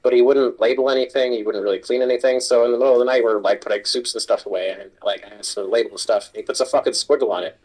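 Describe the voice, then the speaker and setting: A man's voice: mid-range voice, fairly even intonation, rapid-fire, few pauses, a little mellow, rough recording. A man, a kitchen supervisor, telling a work story in casual chat and swearing a lot. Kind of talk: casual chat while gaming.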